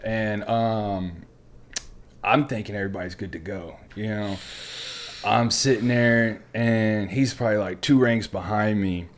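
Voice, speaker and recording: A man's voice: lowish voice, measured pace. A man hosting a casual podcast chat, a military veteran telling rambling, profane stories full of fillers and restarts. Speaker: podcast host.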